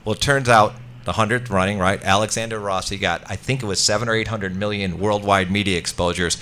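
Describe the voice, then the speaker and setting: A man's voice: fairly low pitch, steady tone, brisk, sharp tone, a little hiss or hum. A middle-aged man telling a rambling, self-interrupting anecdote as a guest in casual chat. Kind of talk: casual storytelling.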